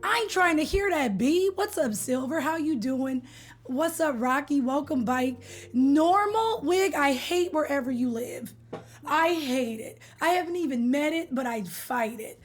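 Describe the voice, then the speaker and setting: High-voiced playful woman streamer. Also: unhurried. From California. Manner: playful, slangy, greets chatters by name. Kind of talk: casual chat with live viewers.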